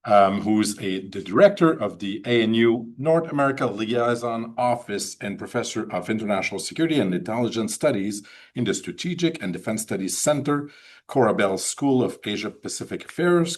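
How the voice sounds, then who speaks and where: Low-voiced Quebec French host, hesitant. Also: male voice. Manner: hesitant, many fillers and restarts. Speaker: host, political science professor. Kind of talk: introducing a speaker.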